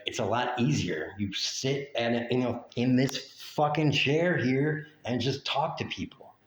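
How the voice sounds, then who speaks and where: A man's voice: mid-range voice, roomy sound. A man ranting bluntly in a vlog monologue, profane and sarcastic. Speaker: vlogger.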